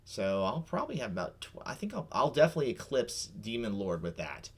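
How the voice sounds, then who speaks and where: A man's voice: mid-range voice, wildly swooping pitch, a little fast, slightly rough. A middle-aged man hosting a casual talk show, rambling and restarting as he chats and patiently explains things. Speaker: podcast host. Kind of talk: casual chat.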